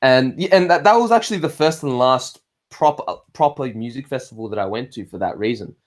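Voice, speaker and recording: Brisk and lively in intonation, an Australian man with a middle-pitched voice runs a laid-back livestream chat. He wanders from thought to thought, swears freely, and often breaks off mid-sentence to begin again. He reads viewer comments and replies easily.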